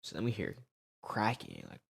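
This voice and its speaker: A young man telling a storytime tale in casual slang, animated and peppered with "right?" tags. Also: fairly low pitch, normal speed, vocal fry, husky.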